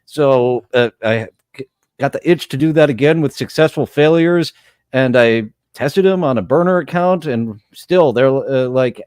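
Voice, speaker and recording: Halting, filler-heavy male podcast guest. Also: medium pitch, darkish tone, clear, resonant tone, dry recording, studio quality. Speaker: guest streamer. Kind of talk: casual podcast chat.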